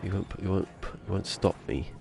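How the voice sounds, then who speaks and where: A man's voice: deep voice, normal speed, gravelly, noisy background. A man streaming a game from a small room at home, sniffly with a cold, rambling and joking to himself in casual chatter. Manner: rambling, jokey self-talk.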